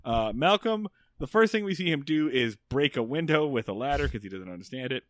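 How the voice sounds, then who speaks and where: A man's voice: medium pitch, expressive, fairly quick, a bit bright, no echo. A man co-hosting a casual podcast, recapping a TV episode in a jokey way and quoting the characters in voices. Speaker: podcast co-host.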